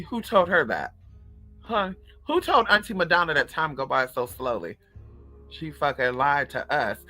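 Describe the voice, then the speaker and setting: A woman's voice: low voice, animated, normal speed, sharp tone, faint music behind. A woman telling stories straight to her viewers in a casual, profane vlog, as a spiritual coach who runs online classes.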